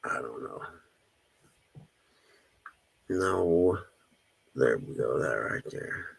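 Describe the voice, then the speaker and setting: A man's voice: a bass voice, animated, drawn-out words, vocal fry, slightly rough, poor audio. A man chatting casually on an early-morning livestream from home, rambling along. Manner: rambling, drawling, talks to his pets. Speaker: live streamer. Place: home, indoors.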